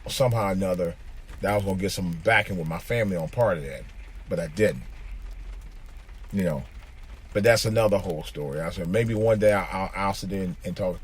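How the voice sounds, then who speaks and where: A deep, slightly husky male voice recorded inside a car as the man drives. He talks in a loose, rambling podcast monologue, circling back on his words and leaning on fillers as he goes. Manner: rambling, repeats himself, many fillers. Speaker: podcast host. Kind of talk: casual monologue. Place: in a car, driving.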